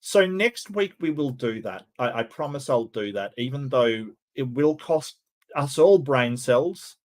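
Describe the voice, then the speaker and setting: A man's voice: mid-range voice, expressive, a little slow. A man hosting a debate review, talking in casual, sarcastic commentary with laughing asides.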